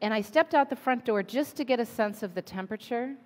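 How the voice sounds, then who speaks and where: A woman pastor in her forties giving a conversational sermon, telling a personal story with lively asides. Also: on the high side, fairly quick. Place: church sanctuary. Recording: long reverb of a church hall.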